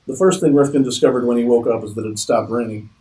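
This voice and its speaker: Mellow-voiced man reading his fiction aloud. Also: medium pitch, quick pace, poor audio. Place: convention reading room.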